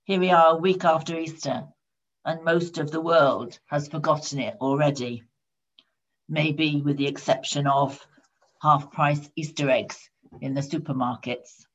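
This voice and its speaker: A woman preaching a sermon in a measured storytelling manner, heard on a dull lo-fi recording. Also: sits low. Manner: storytelling with steady, measured repetition. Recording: dull lo-fi sound.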